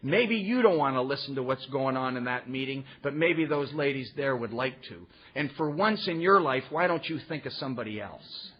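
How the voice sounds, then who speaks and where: A man's voice: medium pitch, lively intonation, normal speed, hardly any pauses, slightly rough. A man sharing his recovery story with a meeting audience, earnest and folksy, throwing in rhetorical "huh?" asides. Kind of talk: personal storytelling talk to an audience. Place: meeting room before an audience. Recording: muffled recording with faint background noise.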